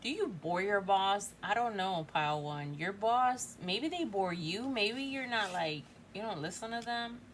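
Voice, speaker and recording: A woman's voice: medium pitch, lively intonation, measured pace, few pauses, slight background noise. A woman in her forties giving a casual tarot reading, chatty and thinking aloud, often tagging lines with "right?". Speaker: tarot reader.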